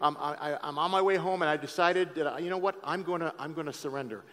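A middle-aged man preaches his testimony in a big auditorium, his somewhat high voice trailing off into a long hall echo. He talks straight to the crowd, dropping low and quiet and then climbing up loud. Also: fast talker. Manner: conversational, addresses audience directly, shifts from hushed to loud. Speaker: speaker giving a testimony talk. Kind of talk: sermon-style testimony. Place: large auditorium.

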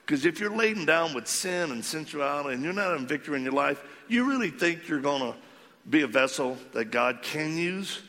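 A man preaching a storytelling sermon, animated and acting out the voices of the people in his story. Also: fairly high pitch, moderate pace, long reverb tail. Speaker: ministry leader speaking to men.

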